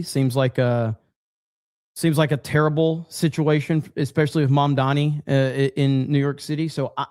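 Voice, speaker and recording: A man's voice: mid-range voice, a little mellow. A man hosting a political commentary stream, talking casually over clips, often repeating words and laughing. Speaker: show host.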